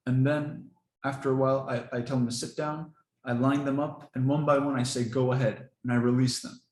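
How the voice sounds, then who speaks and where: A man casually explaining how he trains his dogs, relaxed and rambling, laughing often. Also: medium pitch, fairly quick, roomy sound, poor audio. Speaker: dog owner explaining training. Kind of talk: casual talk to camera.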